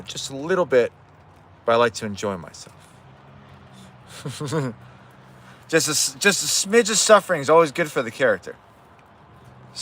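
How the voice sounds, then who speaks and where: A man in a mid-range, slightly bright voice cooks live outdoors at a home cookout. He keeps up casual chatter with his viewers and lets a swear word slip now and then.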